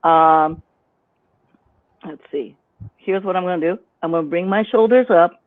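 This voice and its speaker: A woman's voice: lowish voice, unhurried. A woman teaching on a live stream, explaining her points by demonstrating them with her own voice. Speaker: guest instructor. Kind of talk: instructional live-stream chat. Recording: dry, phone-like line.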